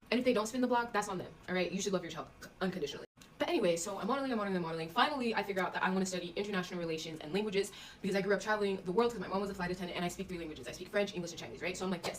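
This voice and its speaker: A woman in her twenties giving a blunt, profane, animated vlog monologue. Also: mid-range voice, a little hiss or hum, rough recording. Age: 20s. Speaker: vlogger.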